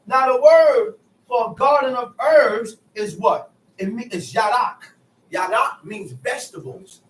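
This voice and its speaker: A man's voice: extremely high pitch, measured pace, recorded from a distance. A man teaching a Bible class, explaining scripture in casual street talk. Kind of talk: preaching Bible study. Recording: echoey room, voice from afar.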